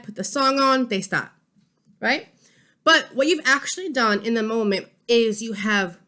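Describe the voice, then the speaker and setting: A woman in her thirties, a family support educator, giving a conversational lesson to parents and checking in often with "okay?" and "right?". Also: on the high side. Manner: warm conversational teaching, frequent "okay?" and "right?" check-ins. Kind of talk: instructional talk to parents.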